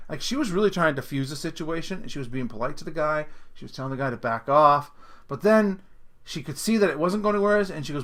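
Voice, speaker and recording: A man's voice: on the high side, animated, fast talker, fairly bright tone. Laughing man on a rambling rant. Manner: rambling, laughing often, with many restarts. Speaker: podcast host. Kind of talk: casual solo rant.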